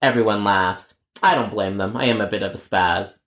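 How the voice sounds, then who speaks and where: A man's voice: on the low side, moderate pace, fairly bright tone. Sarcastic young man telling stories. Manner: sarcastic, exasperated, crude jokes. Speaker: call center worker and storyteller. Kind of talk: comedic animated storytime narration.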